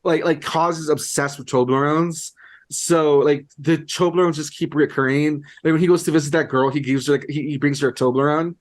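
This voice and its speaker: Chatty young man, slightly high voice. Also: steady tone, a little fast. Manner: rambling, heavy use of "like", amused. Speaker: podcast co-host. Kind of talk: casual chat.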